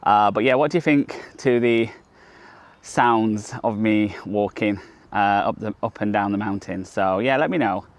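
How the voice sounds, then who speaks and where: A man's voice: on the low side, unhurried, no echo. A man walking a forest trail and narrating his travel vlog in a loose, rambling way, hot and sweaty from the climb. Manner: rambling, chatty, lots of "so yeah" fillers. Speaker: travel vlogger.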